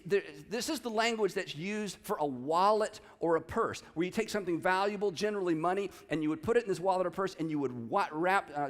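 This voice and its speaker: A middle-aged male pastor delivers a sermon with a light, high-set voice. He tells the story with animated energy and drops into acted-out quotes. The sound rings with the long tail of a big hall. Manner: animated storytelling, acts out quotes with rising pitch. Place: church sanctuary.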